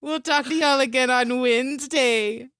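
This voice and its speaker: A woman voicing a tiny, eager male lemur who fawns over his king in a squeaky, drawn-out voice. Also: a bit bright, clean tone, dry recording, clean studio sound. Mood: adoring. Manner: fawning, keeps calling out to his king.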